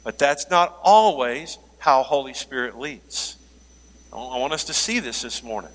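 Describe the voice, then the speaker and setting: A man preaching a sermon as pastor, animated, joking aside and laughing now and then. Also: medium pitch, unhurried. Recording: long hall reverb.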